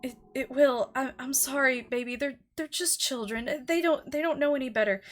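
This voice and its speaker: A woman voicing a motherly vampire elder woman, tender and weary, soothing and halting in a tabletop role-play. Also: sits high, soft background music, pitched above the performer's own voice, lightly acted. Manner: soothing, halting, repeats words.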